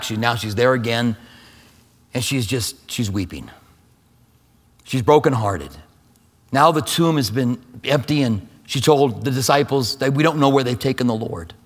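A middle-aged man preaching from the pulpit, his somewhat high voice jumping between lively, excited retelling and soft, hushed moments. He speaks in a storyteller's manner, building scenes with energy before dropping low. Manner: storytelling, wide swings from loud animated to hushed. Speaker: pastor. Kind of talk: sermon.

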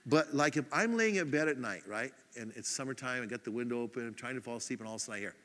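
A man from the United States preaching a sermon in a casual, self-mocking way, acting out his own irritation in quick asides. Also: mid-range voice, expressive, a bit bright, big-room sound, slight background noise. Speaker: pastor.

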